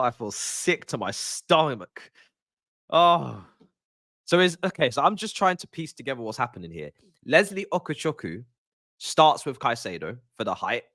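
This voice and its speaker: A man, hosting a live-stream pre-match chat as a football fan, in animated, exasperated, joking banter. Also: mid-range voice, dry recording, clean studio sound.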